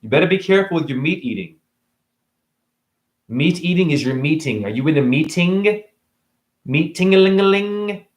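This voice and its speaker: Brief: cursing spiritual vlogger man, lively high-ish voice, roomy sound. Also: normal speed, pauses often. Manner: ranting, profane, sarcastic. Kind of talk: spiritual rant to camera.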